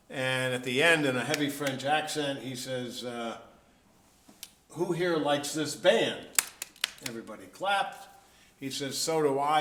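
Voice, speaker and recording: Male musician, interviewed guest, relaxed spun-out anecdotes, dry self-mocking wit, average pitch, echoey room with faint noise behind. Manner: wry, self-deprecating humor. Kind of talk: casual anecdotal storytelling. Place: event venue, indoors. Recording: roomy echo, faint background noise.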